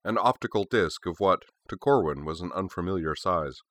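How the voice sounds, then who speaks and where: A man narrating a story in a steady, measured way. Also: sits low, dry recording. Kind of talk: story reading.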